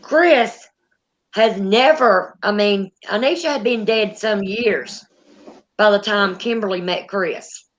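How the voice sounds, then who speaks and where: A woman's voice: medium pitch, slow pace, highs cut off, a little hiss or hum. Lady telling a ghost story on her channel, gets into it, does all the voices. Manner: animated retelling with acted quotes. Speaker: paranormal channel host. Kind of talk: casual storytelling chat.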